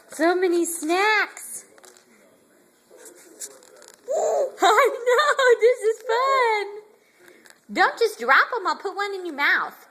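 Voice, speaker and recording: A woman's voice: extremely high pitch, sing-song, very slow, pauses often, pushed and bright. A mother in baby talk to her infant, doting and sing-song with frequent laughter, filmed indoors at home on a handheld phone. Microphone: handheld phone camera.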